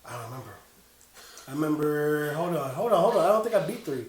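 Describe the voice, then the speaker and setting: A man's voice: on the high side, fast talker, echoey room, slight background noise. A man co-hosting a casual gaming podcast, rambling and laughing as he tells stories. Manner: laughing, excitable, rambling storyteller. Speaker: podcast co-host. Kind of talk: casual chat.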